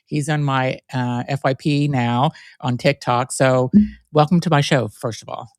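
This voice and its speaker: A man's voice: mid-range voice, fairly even intonation, a little slow, no echo. A man hosting a podcast in a casual, rambling and playful way. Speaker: podcast host.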